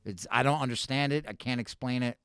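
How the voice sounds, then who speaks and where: A man's voice: mid-range voice, fairly quick, a bit bright, smooth, dry recording, studio quality. A man from Brooklyn, telling blunt, profane stories as a guest comedian on a casual podcast. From Brooklyn, New York.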